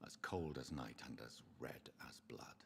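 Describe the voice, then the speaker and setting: A man's voice: very deep voice, measured pace, breathy edge, exaggerated voice. An actor voicing a somber, guilt-ridden undead son speaking earnestly and tenderly to his mother in a game. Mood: sorrowful. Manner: earnest and restrained. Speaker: game protagonist. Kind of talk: video game voice acting.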